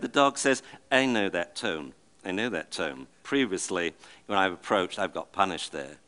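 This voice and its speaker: Bright-voiced man telling stories. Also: on the low side. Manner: animated, acts out the voices of the people and dogs in his stories. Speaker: speaker giving a public talk. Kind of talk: storytelling talk to an audience.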